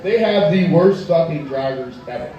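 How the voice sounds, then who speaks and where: A man performing a profane stand-up comedy set in a tavern, telling loud rants and chatting with the crowd. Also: a little high, animated, moderate pace, muffled recording. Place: tavern stage. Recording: echoey room from far off.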